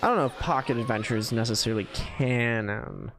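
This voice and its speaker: A man's voice: mid-range voice, a little fast, vocal fry, over music. A man streaming a game with casual commentary, chatty and rambling, with lots of filler words.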